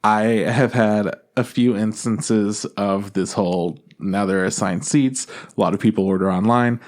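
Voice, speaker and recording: A man's voice: fairly low pitch, steady tone, measured pace, a little mellow. A man co-hosting a podcast in casual chat, laid-back and joking, swearing casually. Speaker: podcast co-host.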